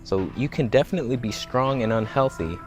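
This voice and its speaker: A man of medium pitch chats to the camera outdoors, casual and joking, with wry self-mocking asides. Faint music plays underneath his voice. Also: lively intonation, brisk, a little mellow. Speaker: vlogger. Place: outdoors, walking by a road.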